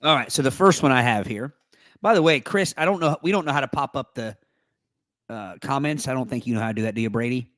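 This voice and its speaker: A man's voice: medium pitch, fast talker, a bit bright, dry recording, studio quality. A man co-hosting a live podcast in a casual, joking chat, reading a forum post aloud with playful asides. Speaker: podcast co-host.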